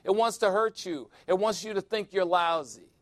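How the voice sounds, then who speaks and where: An older man delivers a sermon with a blunt, wry storytelling manner. His voice sits a little high, and the sound is close and dry with no room echo. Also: moderate pace. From Chicago. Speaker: pastor.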